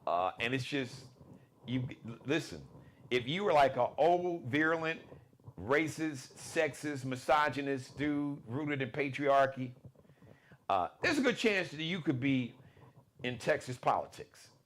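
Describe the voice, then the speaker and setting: A man hosts a live political commentary show in a mid-range voice. His unscripted monologue is emphatic and repetitive, swinging between loud bursts and low, muttered asides. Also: animated, a little slow.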